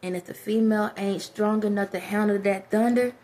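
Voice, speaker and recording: Speaking fairly quickly in a warm, mid-range voice with fairly even intonation, a woman delivers a motivational talk to camera. Her life advice is direct and preachy, and she addresses her listeners as y'all.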